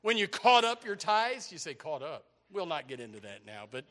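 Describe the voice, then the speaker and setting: An older man delivers a sermon. His voice sits high and bright, and it swings widely as he jokes and shouts. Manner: animated preaching with humor and shouts. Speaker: pastor.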